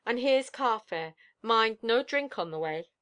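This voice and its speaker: Woman reading a grave, earnest gentleman. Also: fairly high pitch, animated, measured pace, clear, resonant tone. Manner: short, earnest.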